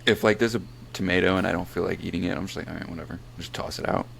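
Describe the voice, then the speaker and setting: A man's voice: low-pitched, fairly even intonation, very fast, gravelly, a bit bright, slight background noise. A laid-back man from Florida, co-hosting a casual podcast chat and swearing casually. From born in New Jersey, raised in Florida. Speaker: podcast co-host.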